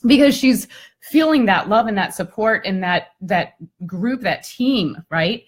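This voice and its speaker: In an unhurried, mid-range voice, a woman who coaches and gives talks tells a story over a live video chat. She sounds lively and casual, with "like" and "I mean" coming up often.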